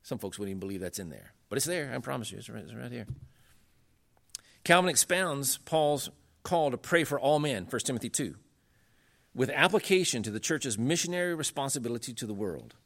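A man's voice: animated, brisk, gravelly, a bit bright. Earnest male lecturer, emphatic delivery. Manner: earnest, emphatic, rising in pitch when making points; conversational with frequent fillers. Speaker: lecturer on church history.

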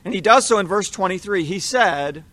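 A man giving a measured, explanatory Bible teaching, leaning into the verses he quotes. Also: high-pitched, animated, sharp tone.

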